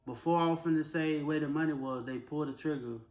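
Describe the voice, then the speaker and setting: A young man, telling a personal story in a plain, casual, drawn-out way. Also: on the high side, steady tone, a little mellow, reverberant. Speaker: vlogger.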